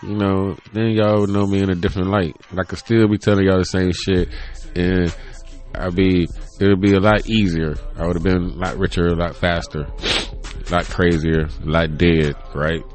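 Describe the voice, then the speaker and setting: Casting note: solo podcast host, thirties, man, low voice, loose and profane, quick laughs, faint music under him. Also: little pitch movement. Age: 30s. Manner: rambling, laughs often, swears freely. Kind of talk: casual solo chat. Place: home room.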